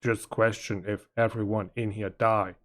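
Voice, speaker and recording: Brief: man doing a slow, low-voiced orc, broken speech. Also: level tone, natural voice. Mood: blunt. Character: blunt male orc warrior, short-spoken.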